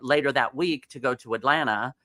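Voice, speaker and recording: A man's voice: mid-range voice, fairly quick, pushed and bright, no room sound. A man co-hosting a talk show, chatting about his travels and his birthday. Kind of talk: casual chat.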